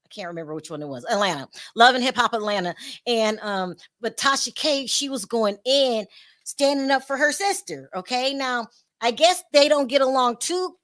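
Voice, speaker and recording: A woman's voice: fairly high pitch, lively intonation, normal speed, fairly bright tone. A woman hosting a casual gossip commentary show, chatty and prone to laughing between remarks. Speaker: show host.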